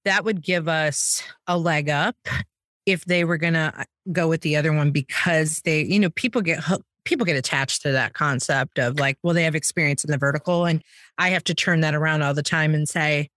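An American woman co-hosting a sales podcast, talking in a quick, punchy way that jumps up in pitch when she stresses a point. Her voice is on the low side and close to the mic, dry with no room echo. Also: fairly bright tone. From United States. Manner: emphatic, quick, rising pitch on key points. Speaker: podcast co-host, sales trainer. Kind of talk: casual chat.

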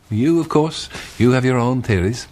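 A man's voice: mid-range voice, darkish tone. A man hosting a viewers' feedback programme in a playful, mock-grand and teasing manner. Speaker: host. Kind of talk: scripted studio presenting.

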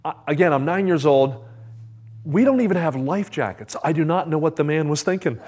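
A middle-aged man preaching, telling a personal story in a lively, animated way, acting out the people in it and asking the congregation "right?". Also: a little high, fairly quick. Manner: animated storytelling, acts out quoted voices, asks the congregation "right?". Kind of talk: sermon storytelling.

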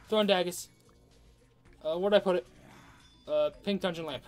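A gamer commentating their own playthrough, excitable and talking back to enemies with frequent outbursts. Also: medium pitch, moderate pace, long pauses, soft background music. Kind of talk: let's play commentary.

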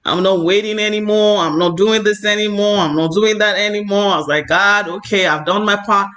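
High-pitched male online preacher; earnest, rambling personal testimony. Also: fairly even intonation, a little fast, sharp tone. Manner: earnest, repetitive, many "you know"s.

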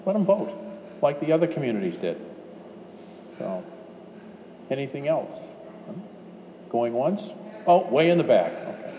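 A man, a city councilor chairing a public meeting, answering in a halting, restarting way. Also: medium pitch, very animated. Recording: dull, echoey hall recording with faint noise.

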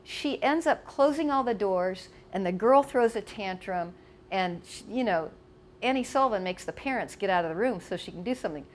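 A woman's voice: medium pitch, lively intonation, moderate pace, slight background noise. A woman casually reminiscing about her past while showing photos, chatty with many asides. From United States. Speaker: storyteller.

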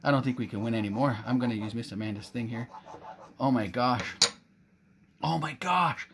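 A man's voice: mid-range voice, steady tone, fast, very noisy. A middle-aged man from Canada doing a casual scratch-off ticket vlog, chatting to viewers and exclaiming often. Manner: frequent exclamations, talks to viewers as guys. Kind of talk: excited casual vlog commentary.

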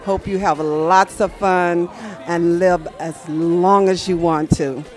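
A woman in her sixties giving a slow, affectionate birthday message to her sister. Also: lowish voice, fairly even intonation.

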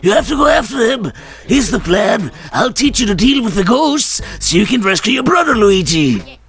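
A man's voice: high-pitched, sing-song, fairly bright tone, pitched above the performer's own voice. A man doing a wheezy old ghost professor. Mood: theatrical. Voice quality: wheezy, raspy like a smoker. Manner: drawn-out, theatrical old-man delivery. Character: rambling old male ghost professor, excitable. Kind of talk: reading game dialogue aloud in a voice.

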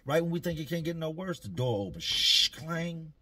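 Laid-back male storyteller, husky voice, slangy and dry. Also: a little high, sing-song, quick pace, a little mellow. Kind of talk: casual storytelling.

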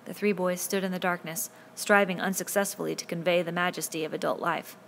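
A woman narrating a novel in a steady, measured way, with a voice on the low side for a woman. A faint hiss sits beneath the reading. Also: creaky. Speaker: audiobook reader.

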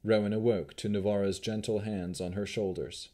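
A man narrating an audiobook in a steady, measured storytelling manner. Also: fairly low pitch.

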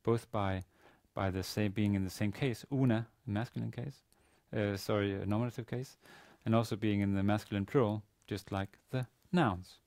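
Hesitant low-voiced male lecturer. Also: fairly even intonation, moderate pace, hardly any pauses, a little mellow, dry recording, clean studio sound. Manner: hesitant, many fillers and restarts. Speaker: university lecturer. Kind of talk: classroom lecture. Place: university classroom.

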